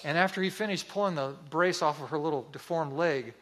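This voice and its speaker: A man preaching a sermon, telling a story in an earnest, vivid way with pauses. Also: on the high side, fairly bright tone.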